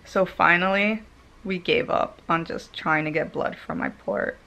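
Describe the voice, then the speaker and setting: Animated woman telling a personal story. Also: on the low side, unhurried, creaky. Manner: animated, laughs often while telling; swings between loud and hushed tones. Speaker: vlogger. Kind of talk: casual storytelling vlog.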